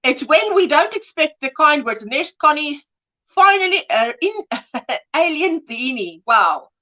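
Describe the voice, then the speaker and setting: A woman's voice: sits high, big pitch swings, measured pace, sharp tone, rough recording. A woman co-hosting a casual crochet livestream, reading out viewer comments fondly and laughing often. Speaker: livestream co-host.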